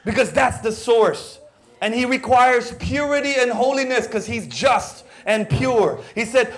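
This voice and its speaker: A high-pitched Filipino man preaching with lively energy, slipping Cebuano words into his English. He keeps acting out quoted voices and swings between urgent pushes and hushed asides. His delivery is expressive and theatrical. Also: measured pace. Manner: animated, acts out quoted voices, sudden drops to near-whisper. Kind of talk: sermon.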